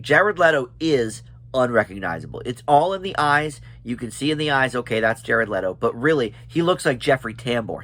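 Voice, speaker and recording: A man's voice: medium pitch, fairly bright tone. A man giving a casual, rambling spoken movie review, full of fillers and restarts, chuckling now and then. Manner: chuckles while talking. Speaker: film reviewer.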